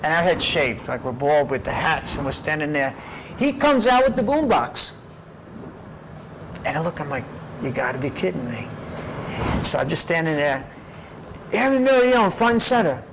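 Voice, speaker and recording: A middle-aged man telling his life story in an interview, animated and often tagging his lines with "right?". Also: on the high side, normal speed, pauses often, background noise. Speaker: documentary subject.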